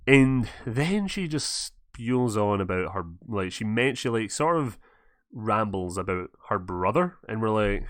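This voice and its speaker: A man's voice: mid-range voice, a little slow, dry recording. Man, scottish accent, podcast host, casual storytelling, swears a lot, acts out quotes, dry close sound.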